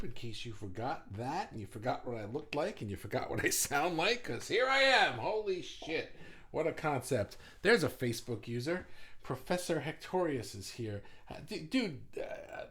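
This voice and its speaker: A man hosting a live online group session, chatting casually with viewers, greeting them by name and rambling with jokes and the odd swear word. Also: on the high side. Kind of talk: casual livestream chat with viewers.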